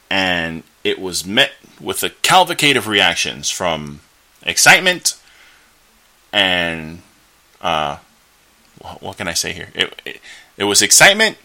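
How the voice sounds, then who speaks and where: A man's voice: sits low, bright, forceful tone. A man hosting a solo podcast, giving opinionated, rambling commentary with frequent fillers and restarts and bursts of scornful ranting. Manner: scornful rants. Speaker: podcast host.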